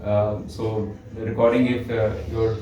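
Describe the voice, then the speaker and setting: A man's voice: lowish voice, flat delivery, unhurried, mellow. A male teacher giving a classroom lecture, acting out example tones of voice and quizzing his students. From Pakistan. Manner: demonstrative, acts out example tones, asks class questions. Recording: echoey classroom from far off.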